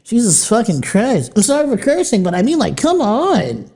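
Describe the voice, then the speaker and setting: A woman's voice: on the high side, huge pitch swings, moderate pace, warm tone, breathy edge. Blunt, profane woman ranting. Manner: blunt, profane, laughing, mocking. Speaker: podcast host. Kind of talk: casual ranting monologue.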